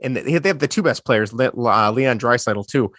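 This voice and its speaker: A man, co-hosting a sports podcast, telling a story with animated energy and acting out quotes. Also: mid-range voice, normal speed, no echo, studio quality. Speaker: podcast co-host. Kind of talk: casual sports chat.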